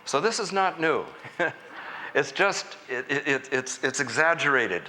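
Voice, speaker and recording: A man giving a conference lecture in a college hall, speaking in an earnest, deliberate way with measured emphasis. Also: on the high side, expressive, pushed and bright, slight background noise. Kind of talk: public lecture.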